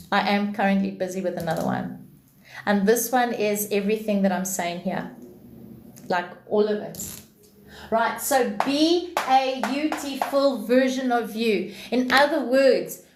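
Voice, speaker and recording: A woman giving a spiritual talk on a live stream, answering her chat and repeating key phrases slowly for emphasis. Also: on the high side, echoey room.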